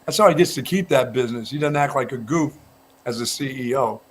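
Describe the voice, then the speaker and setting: A man co-hosting a morning sports radio show, telling stories in a relaxed, casual way with frequent restarts. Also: mid-range voice, a little fast, slight background noise. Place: radio studio.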